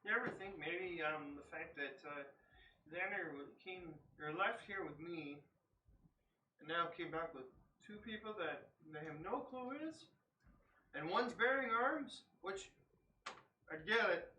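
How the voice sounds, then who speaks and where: Bright-voiced swearing player. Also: mid-range voice, expressive, a little slow, pauses often. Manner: blunt, swears a lot. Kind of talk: casual tabletop play. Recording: echoey room from far off, faint noise.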